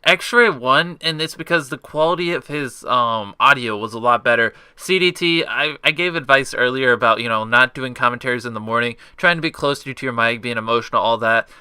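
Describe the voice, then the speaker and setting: A man's voice: mid-range voice, brisk, few pauses, bright, forceful tone, clear, resonant tone, no echo. A young man judging entries in an online video contest, talking casually with frequent ums and restarts. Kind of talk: casual unscripted judging commentary.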